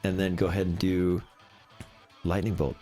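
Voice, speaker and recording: A young man narrating as game master, with lively, hedging descriptions full of "kind of.". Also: low voice, moderate pace, soft background music.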